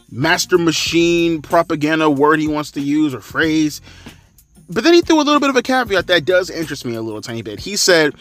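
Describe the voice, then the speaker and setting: Male, 30s, sarcastic foul-mouthed ranter, slightly high and sharp-edged delivery. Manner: profane, sarcastic, ranting. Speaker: wrestling commentator. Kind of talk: ranting commentary.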